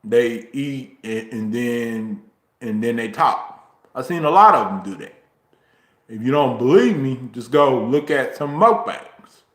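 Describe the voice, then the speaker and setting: A man talking casually on his livestream, rambling slowly and filling pauses with ums. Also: medium pitch, expressive, fairly bright tone, echoey room. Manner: slow, drawn-out, rambling talk with frequent ums. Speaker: YouTuber streaming a chat. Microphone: phone, recorded while walking.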